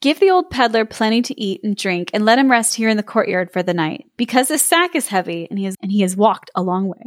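Young storybook prince, male, clever and gentle; read by a woman. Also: mid-range voice, lively intonation, fairly quick, hardly any pauses, dry recording, clean studio sound, natural voice. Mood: commanding.

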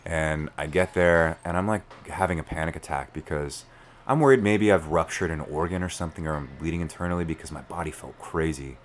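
A man, telling a story as a podcast guest in an animated way, full of fillers. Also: rumbling low, fairly quick, slight background noise. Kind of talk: storytelling in conversation.

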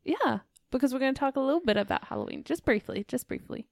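Giggly woman with a lively voice. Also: sits high, fast, creaky, no room sound, studio quality. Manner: giggly, bubbly. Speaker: podcast co-host. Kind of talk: casual chat.

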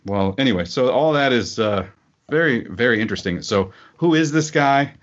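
A man's voice: medium pitch, lively intonation, normal speed. A man co-hosting a casual political podcast, rambling with frequent fillers and restarts. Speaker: podcast co-host. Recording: dull lo-fi podcast audio.

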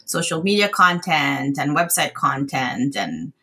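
Low, bright-toned woman guest. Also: sing-song, unhurried, slightly rough. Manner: laughs easily, rambling. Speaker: guest, film critic. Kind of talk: casual podcast chat.

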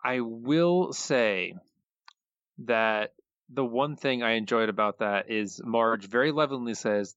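A man co-hosting a podcast speaks in a calm, measured, agreeable way at mid pitch. His audio sounds slightly dull and lo-fi. The sound is dry, with no room echo. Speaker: podcast co-host. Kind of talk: casual chat.

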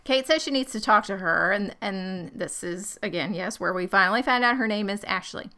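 Bright, smooth-voiced woman podcaster. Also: mid-range voice, normal speed. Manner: wry and joking, quotes characters with mock voices. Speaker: podcast co-host recapping a TV series. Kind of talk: casual chat.

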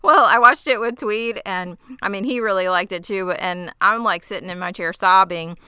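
A woman's voice: mid-range voice, moderate pace, bright, forceful tone, clean tone, no echo. A woman co-hosting a podcast in casual chat, with a dry, sarcastic sense of humor. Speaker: podcast co-host.

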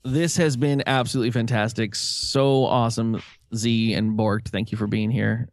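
A man's voice: mid-range voice, steady tone, moderate pace, dry recording, studio quality. A man hosting a casual podcast, reading out listener emails and joking wryly with guests. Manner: wry, swearing, reads listener emails. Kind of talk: casual chat.

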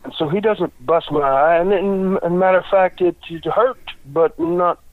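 Folksy and meandering, a retired wrestler, now an older man, spins a long, casual story heavy with repeated words. His voice sits high and moves at a moderate pace. There's no room sound; it comes through a dry, phone-like line.

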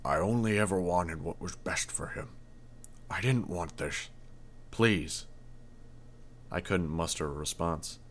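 A man's voice: deep voice, unhurried, pauses often, fairly bright tone, slight background noise. A man voicing a desperate mayor in his sixties, a father who pleads and roars in an audiobook reading. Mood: pleading. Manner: pleading, then roaring. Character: desperate sixty-ish male mayor, father.

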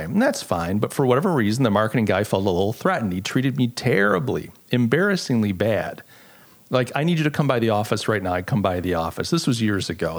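A middle-aged man hosting a solo podcast, talking in an earnest, reflective way and telling stories with frequent restarts. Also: mid-range voice. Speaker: podcast host. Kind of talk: casual solo podcast monologue.

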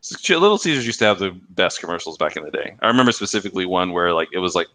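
Male podcast co-host, bright lowish voice, animated storyteller, dry close mic. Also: racing, dry recording. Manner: animated storytelling, acts out quoted commercials in raised voices. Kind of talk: casual chat.

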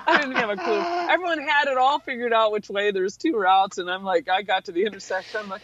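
A man's voice: sits high, a little fast, a bit bright, dull audio, slight background noise. A man telling a story in a casual interview, laughing often and acting out his past self in a raised voice. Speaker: guest, paraglider.

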